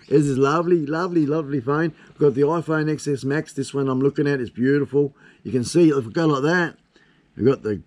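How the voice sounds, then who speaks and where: A man's voice: fairly high pitch, a little mellow. A man in his fifties with an Australian accent, hosting a casual live stream from his desk at home. He rambles along in a chatty way and swears casually. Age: 50s. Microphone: camera on desk.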